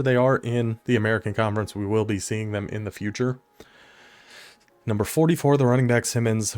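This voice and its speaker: A man giving casual play-by-play commentary on a football video game, excitable and quick to laugh. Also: fairly low pitch. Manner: excitable, laughs often, talks to the viewer. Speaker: commentator of an online video game dynasty league.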